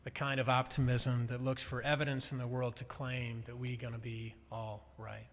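A man's voice: medium pitch, little pitch movement, moderate pace. Man preaching in an echoing hall. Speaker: pastor. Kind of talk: sermon. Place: church sanctuary. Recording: long reverb of a large hall.

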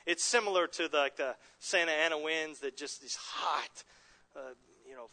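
A man preaching a sermon in an earnest way, with frequent restarts and soft chuckles. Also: fairly high pitch, moderate pace. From Southern California. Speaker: pastor.

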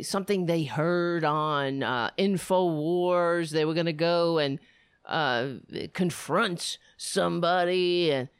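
A woman's voice: lowish voice, clean tone, dry recording, studio quality. A woman giving ranting political commentary, heated, sarcastic and swearing freely.

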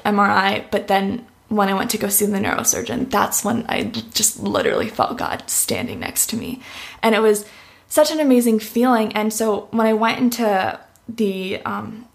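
Here an interview guest, a young woman, gives a heartfelt personal account, dropping "like" again and again. Her voice is mid-range and creaky.

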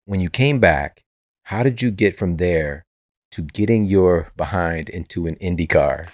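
A low-voiced man hosts a relaxed interview, circling around his questions with lots of fillers and asides. His voice sits close and dry on the mic with no room sound, keeping the tone conversational. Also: measured pace, no echo. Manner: eager, rambling questions with many fillers. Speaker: podcast host. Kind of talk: casual interview chat.

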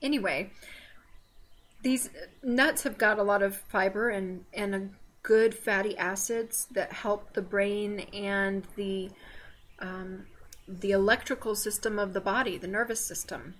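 A woman's voice: mid-range voice, fairly even intonation, a little slow. Chatty Southern woman. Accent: Southern American. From Southern United States. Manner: chatty and digressive, with teasing asides and laughter. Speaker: podcast co-host. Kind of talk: casual faith podcast chat.

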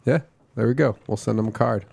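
A man's voice: mid-range voice, fairly quick, gravelly, a little mellow, husky, dry recording. A man hosting a casual podcast chat, teasing and playful.

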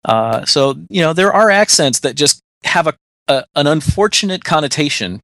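A man's voice: a little high, lively intonation, moderate pace, a bit bright, no room sound. An American man co-hosting a podcast, talking at length in casual chat and laughing often. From United States. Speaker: podcast co-host.

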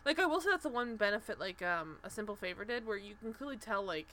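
A woman's voice: mid-range voice, lively intonation, quick pace, bright, forceful tone, a little hiss or hum. A woman co-hosting a podcast, chatting casually and animatedly with lots of fillers, acting out characters' lines. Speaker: podcast co-host. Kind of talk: casual chat recapping a TV show.

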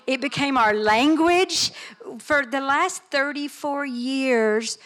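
A woman preaching to a live audience, impassioned and at times dropping to a hushed whisper. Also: a little high. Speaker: conference speaker.

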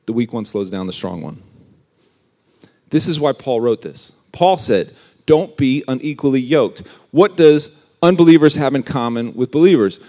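A man giving a casual youth sermon, conversational and animated with everyday slang. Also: medium pitch, moderate pace. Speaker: youth pastor.

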